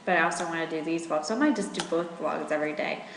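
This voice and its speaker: A woman's voice: low voice, fast, roomy sound, in a large hall, noisy background. A young woman from rural in her twenties, chatting casually in a rambling vlog at home with lots of fillers. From rural Virginia. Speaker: vlogger.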